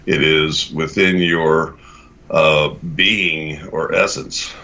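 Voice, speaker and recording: A man talking in a roundtable discussion, earnest and spiritual, often halting and restarting. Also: very deep voice, steady tone, sharp tone. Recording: muffled lo-fi audio with faint hiss.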